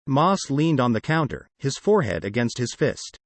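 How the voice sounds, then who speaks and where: Man narrating an audiobook, lively pitch. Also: normal speed, hardly any pauses, no room sound.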